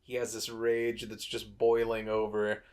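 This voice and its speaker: A man co-hosting a casual movie-review podcast, telling scenes in lively detail and swearing freely. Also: on the low side, a little slow. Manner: animated storyteller, swears freely. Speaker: podcast co-host.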